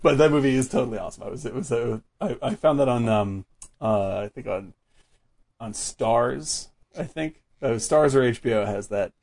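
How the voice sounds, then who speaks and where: Gravelly, husky man rambling about movies. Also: mid-range voice, moderate pace, darkish tone. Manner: rambling and enthusiastic, heavy on fillers. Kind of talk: casual movie chat.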